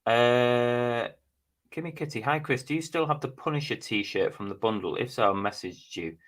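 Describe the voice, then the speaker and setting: This middle-aged man runs a casual live stream, reading out chat names and comments as he talks. His voice is medium-pitched and a bit bright, at a moderate pace.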